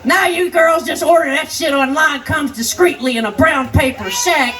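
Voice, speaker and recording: An older woman belts out crude stand-up comedy in a high, brash voice, hammering her punchlines. She sounds far from the mic, with a loud party crowd and noise all around. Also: moderate pace. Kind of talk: raunchy live stand-up. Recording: live stage sound, distant, crowd noise. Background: noisy party crowd.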